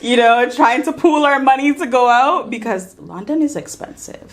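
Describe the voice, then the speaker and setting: A woman from Jamaica, a guest in an interview, telling her story in a casual, upbeat way with quick bursts and easy laughter. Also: fairly high pitch.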